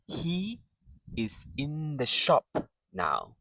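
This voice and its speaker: A man teaching a beginners' language lesson, speaking slowly and clearly and modeling words for the listener to repeat. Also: medium pitch, big pitch swings, fairly bright tone, no echo, distant mic. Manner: patient, drawn-out teaching delivery, models words for repetition. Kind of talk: slow, clear spoken lesson.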